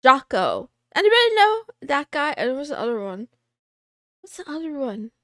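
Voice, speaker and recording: In a dry, studio-quality recording, a woman VTuber chats casually with her livestream audience, welcoming viewers by name. She's giggly and playful, slipping into a cat persona with meows, and her high-pitched voice is sing-song at a moderate pace.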